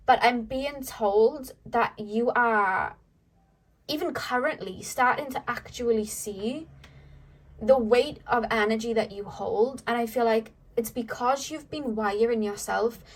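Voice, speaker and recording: Woman, tarot reader, casual chat, earnest, rambling, slightly high voice, a little far from the mic. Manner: rambling, earnest, emotional, many fillers. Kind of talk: casual tarot reading to camera.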